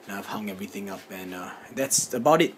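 A man's voice: on the low side, expressive, quick pace. Rambling young man vlogging on a camera. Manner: rambling, with many fillers and restarts. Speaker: vlogger, dancer. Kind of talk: casual vlog chat. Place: hotel room, then a cold street at night. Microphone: handheld camera. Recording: camera audio with clear background noise.

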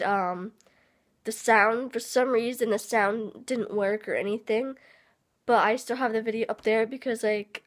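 A teenage girl vlogging in a casual, rambling way, full of fillers, with a stuffy, nasal voice from a cold. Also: mid-range voice. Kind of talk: casual vlog chat.

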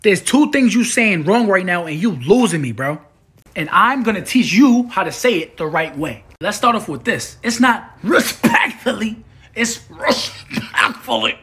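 A woman's voice: fairly low pitch, lively intonation, moderate pace, a bit bright. A young woman with a New York accent performing brash, slang-heavy sketch comedy. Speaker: comedy skit creator.

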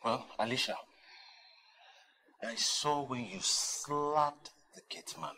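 A man's voice: a little high, very animated, slow, sharp tone, a little hiss or hum, heavily acted. An actor playing an indignant older brother who reproaches his sister-in-law.

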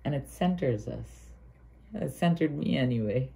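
A woman's voice: a bass voice, expressive, moderate pace, creaky, dark tone. A woman with a Guyanese accent giving an earnest, heartfelt tarot card reading, thinking aloud and restarting her sentences. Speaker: tarot reader.

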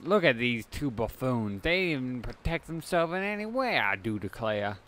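A man voicing a pompous Southern gentleman lawyer in a put-on Southern drawl with old-fashioned turns of phrase. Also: medium pitch, very animated, moderate pace, voice pushed down.

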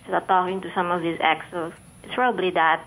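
A woman's voice: on the low side, flat delivery, brisk, a bit bright, rough recording. Chatty woman in her twenties. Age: 20s. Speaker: caller. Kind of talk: call-in phone conversation.

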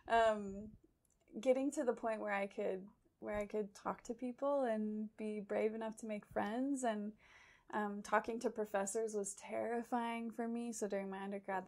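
A young woman from Idaho, a graduate student, talks through an interview in a mid-pitched voice. She answers thoughtfully, pausing often with soft ums and small laughs between ideas. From Idaho, USA. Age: young adult. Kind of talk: conversational interview.

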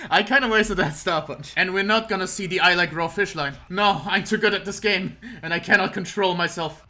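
A young man giving casual let's-play commentary, excitable and self-mocking, swearing often and breaking into laughter. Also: high voice, fairly quick. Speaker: gaming commentator.

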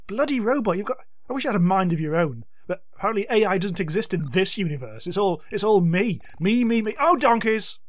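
A man talks over a retro game as he plays it. His pitch swings wildly as he yelps and swears at what happens on screen. His voice is close and dry, with no room sound. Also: expressive, quick pace, hardly any pauses, no room sound. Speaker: let's-play host. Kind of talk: gameplay commentary.

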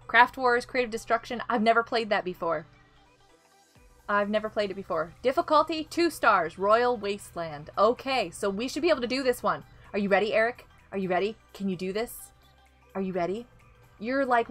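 Giggly, bright-voiced woman streamer. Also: fairly high pitch. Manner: excitable and giggly, reacting aloud to the game and greeting chat. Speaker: live-stream host. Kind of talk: casual gameplay live stream, chatting with viewers.

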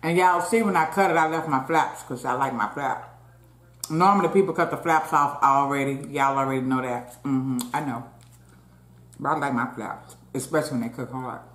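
Her voice is a bass one, delivered at normal speed, as she hosts a casual eating show. Talking between mouthfuls, she stays chatty and keeps calling out to the people watching, all in a room with noticeable echo.

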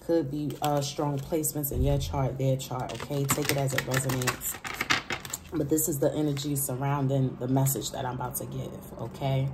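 A woman's voice: extremely low pitch, little pitch movement, normal speed, heavy background noise. A woman doing a casual tarot reading, chatty and emphatic, who repeats her phrases, laughs between remarks and speaks straight to her viewers. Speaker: tarot reader.

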